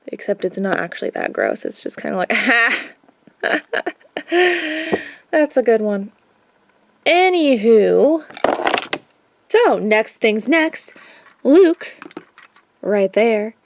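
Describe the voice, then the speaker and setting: A woman's voice: on the high side, a little mellow, a little hiss or hum. A woman casually recapping a movie with toy figures, chatty and rambling, full of jokey asides. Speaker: vlogger.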